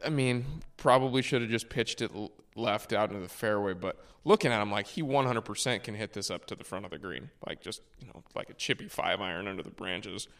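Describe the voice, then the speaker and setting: A man with a fairly low voice tells a story at an easy pace. He rambles a little and corrects himself mid-sentence, like a caddie chatting on a podcast. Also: fairly quick, few pauses. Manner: relaxed, rambling, self-correcting. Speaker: tour caddie, guest. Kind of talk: casual storytelling.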